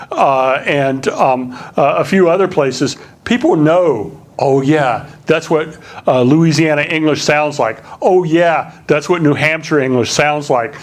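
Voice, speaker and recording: A man with a slight Southern accent giving a public lecture as a linguistics professor. He talks conversationally, with many fillers and restarts. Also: a little high.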